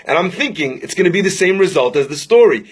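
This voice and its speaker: A young rabbi tells stories in an inspirational talk. His voice sits high and has a husky grain. He delivers each story with drama and slows down to let the key lines land. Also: expressive. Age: young adult. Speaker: rabbi and speaker.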